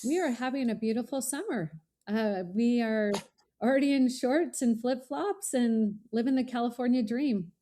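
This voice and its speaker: A middle-aged woman, a college strategist guest, telling a lively story in a podcast interview and acting out the dialogue. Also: a little high, moderate pace, slight background noise. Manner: animated, acts out dialogue in quoted voices.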